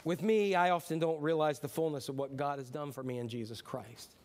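A middle-aged man preaching a sermon, talking in a relaxed, conversational way. His voice sits high for a man. He stumbles and restarts sentences now and then, and he acts out short bits of the people in his stories. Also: brisk. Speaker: pastor.

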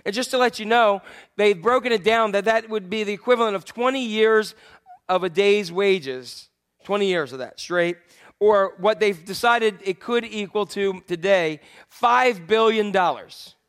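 A man with a notably high voice preaches to his congregation in a chatty, questioning way. He jumps from loud, emphatic lines to near-hushed ones. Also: measured pace. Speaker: pastor. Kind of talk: sermon.

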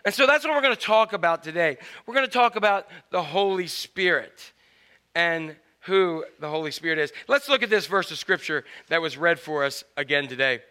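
A man preaching a sermon to his congregation, animated and storytelling. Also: a little high, moderate pace, smooth. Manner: storytelling, animated, with acted-out quotes. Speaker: pastor.

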